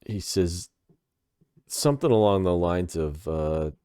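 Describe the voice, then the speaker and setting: This podcast co-host tells meandering stories full of fillers during a laid-back chat. His low-pitched, smooth voice has a dark tone, lively intonation, and a slow pace, captured in studio quality without room sound.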